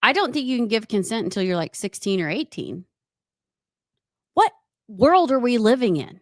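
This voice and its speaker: A woman, co-hosting a casual talk radio show and reading out news items with animated, laughing banter. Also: on the high side, fast talker, no echo, studio quality.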